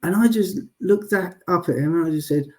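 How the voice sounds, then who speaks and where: A man telling stories as an interview guest, chatty and deadpan, often adding "I'll be honest with you.". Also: sits high, brisk. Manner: self-described sarcastic and deadpan, frequent "I'll be honest with you"; chatty storyteller with many restarts. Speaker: guest, wheelchair athlete. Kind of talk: casual interview chat.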